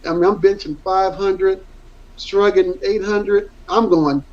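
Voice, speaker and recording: This middle-aged interview guest, a former football player, recounts his story in an earnest, rambling way, repeating words for emphasis. His voice sits high with a darkish tone, fairly even intonation, and a slightly slow pace; the recording is dull and lo-fi.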